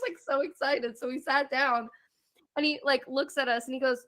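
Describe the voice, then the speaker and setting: A woman's voice: high voice, fairly even intonation, moderate pace, fairly bright tone. Chatty young woman telling a travel story. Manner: chatty, laughs often, acts out quotes. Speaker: podcast co-host. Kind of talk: casual chat, storytelling about a trip.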